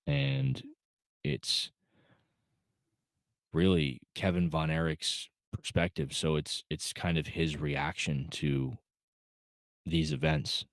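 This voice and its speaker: A man's voice: extremely low pitch, lively intonation, slow, vocal fry, long pauses, no echo, studio quality. A man casually reviewing a film, rambling with many fillers and restarts, choked up and holding back tears. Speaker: movie reviewer.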